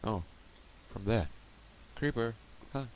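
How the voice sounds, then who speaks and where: A low-voiced man talks through his gameplay at an unhurried pace, addressing the monsters as if they were people. He swears freely and sometimes drops to a quiet murmur. A steady noise hangs clearly under the recording. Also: rough recording. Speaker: Let's Play host. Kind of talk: gameplay commentary.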